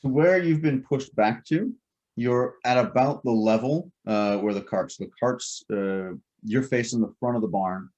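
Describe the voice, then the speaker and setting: A man's voice: medium pitch, a little slow, darkish tone, dull audio. A man running a tabletop game as game master, explaining the scene at length with many fillers and restarts.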